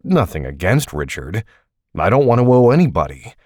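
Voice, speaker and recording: A man's voice: low voice, lively intonation, moderate pace, no room sound, studio quality. A male narrator voicing a tired, defensive ex-agent who snaps back when pressed. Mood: heated, defensive. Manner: snappish and defensive. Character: tired, defensive man, snapping ex-field agent.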